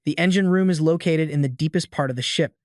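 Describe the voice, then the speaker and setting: A man's voice: fairly high pitch, fast, no room sound, clean studio sound, natural voice. A man voicing a worn-out, evasive middle-aged ship captain who explains things plainly, in a recap reading. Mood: weary.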